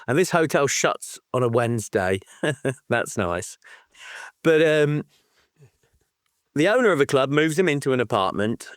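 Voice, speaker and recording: A man in casual podcast chat who tells stories with lots of laughter and lively energy. His voice is mid-pitched and the recording is dry and close. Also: no echo. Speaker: podcast co-host.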